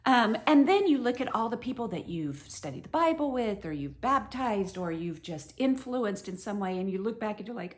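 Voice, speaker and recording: Middle-aged woman, devotional bible teaching, earnest and animated, lots of "you know". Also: on the high side, normal speed.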